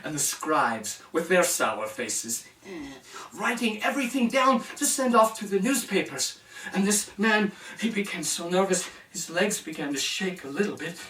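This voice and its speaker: A man's voice: high-pitched, normal speed. A man telling a fairy tale to children, acting out the characters and speaking to his listeners as he goes. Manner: animated, shifting into character voices and addressing the audience. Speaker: storyteller. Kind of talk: storytelling for children. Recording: roomy sound from a distance.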